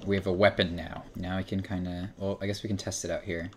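A man's voice: deep voice, level tone, fast talker, slight background noise. Exasperated young man streaming a game. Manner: exasperated, shouts and laughs in bursts. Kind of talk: frustrated gameplay commentary.

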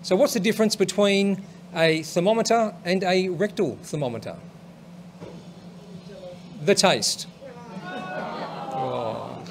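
A man's voice: high-pitched, slight background noise. A man hosting a comedy show, telling jokes with an upbeat, chuckling manner. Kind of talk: stand-up joke telling.

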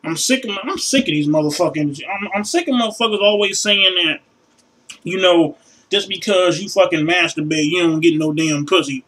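Crude, bright-voiced young man ranting. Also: moderate pace, distant mic, rough recording. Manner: loud, crude and animated, mocking high falsetto voices. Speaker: vlogger. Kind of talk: profane casual rant to camera.

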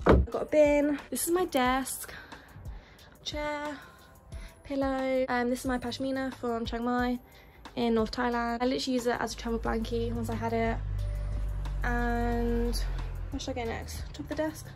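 A woman's voice: a little high, level tone, normal speed, long pauses. A young woman casually narrating a tour of her university bedroom, chatty and listing things one after another. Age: young adult. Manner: chatty, listing items as she goes. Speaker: vlogger giving a room tour. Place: student bedroom in university housing. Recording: music playing under the voice.

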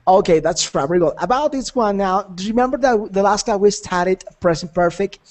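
A man's voice: high voice, expressive, a little fast, darkish tone. A man teaching an English conversation class, encouraging and repetitive, laughing often.

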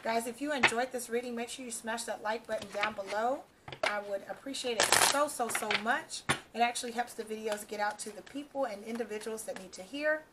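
A woman's voice: fairly high pitch, fairly quick, very noisy. Reassuring woman reading tarot cards. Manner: reassuring, repeats "okay" and "all right" to the viewer. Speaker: tarot reader. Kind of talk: casual tarot reading to camera.

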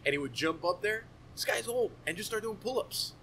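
Bright-voiced man hosting a podcast. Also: high-pitched, brisk, slight background noise, poor audio. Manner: relaxed, reminiscing, laughs easily. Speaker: podcast host. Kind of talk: casual conversation.

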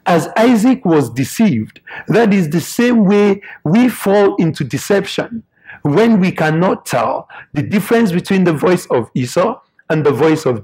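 A man's voice: high voice, darkish tone, breathy edge, poor audio. A man preaching a sermon in short, emphatic, repeated phrases.

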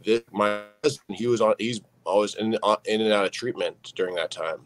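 A young man with a very low voice tells a personal story on a podcast, and he talks quickly. His delivery is earnest and candid, full of fillers and restarts that keep pulling the listener in. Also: slight background noise, poor audio. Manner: earnest, heavy on fillers like "you know what I mean". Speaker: podcast guest.

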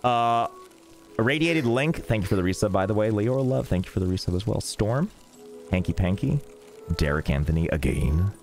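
A young man casually streaming a game, rambling and joking in deadpan asides. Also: lowish voice, moderate pace. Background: faint game music.

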